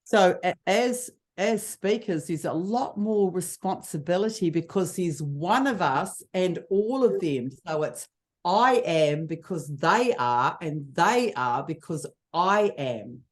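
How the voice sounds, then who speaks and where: A woman teaching public speaking, showing voice techniques with lively examples. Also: fairly low pitch, slow pace. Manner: expressive, demonstrates voice techniques. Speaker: speaking coach. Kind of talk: teaching on a video call.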